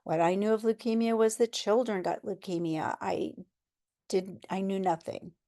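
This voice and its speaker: A woman's voice: medium pitch, fairly even intonation, moderate pace, warm tone. A middle-aged woman telling her own cancer story in a candid, conversational way, with small laughs along the way. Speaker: cancer survivor speaker. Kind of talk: personal storytelling talk.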